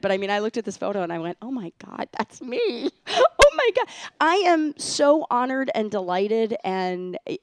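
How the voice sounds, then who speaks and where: A woman's voice: fairly high pitch, sing-song, normal speed, few pauses, dry recording. A woman hosting a podcast in casual interview chat, bubbly and gushing, often laughing. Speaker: podcast host.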